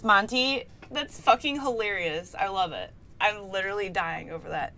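Over soft background music, a young woman streams live with a medium-pitched, fairly bright voice that swings widely in pitch, speaking a little slowly. Giggling often, she chats casually, greets viewers, and reads out names from chat.

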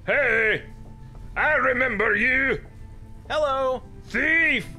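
A man voicing an angry male food stand owner with an odd accent who shouts at a customer. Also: very high-pitched, measured pace, faint music behind, voice pushed up, heavily acted. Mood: indignant shouting. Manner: shouting, indignant.

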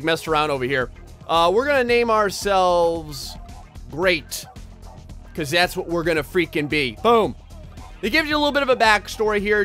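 A man's voice: high-pitched, bright, forceful tone. A young man doing casual, jokey gameplay commentary, rambling and talking straight to his viewers. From New Jersey, United States. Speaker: gaming YouTuber.

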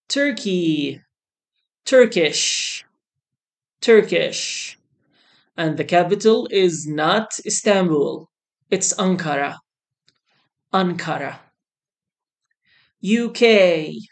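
A woman teaching a beginner English lesson, saying each word twice, slowly and clearly. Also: fairly low pitch. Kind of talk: slow beginner English lesson, repeating words.

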